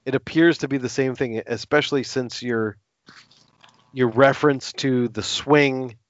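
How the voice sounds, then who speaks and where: A man's voice: mid-range voice, fairly even intonation, measured pace, dry recording. A man co-hosting a casual film podcast, laid-back and chuckling, often answering with short agreeing replies. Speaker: podcast co-host. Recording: dull dry lo-fi audio.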